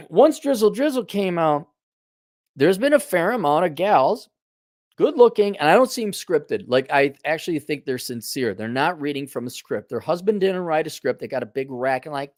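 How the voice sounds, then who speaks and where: A man's voice: on the high side, very animated, normal speed, a little mellow, no echo, clean studio sound. A man hosting a casual commentary rant, blunt, profane and sarcastic, often restarting his sentences. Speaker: host.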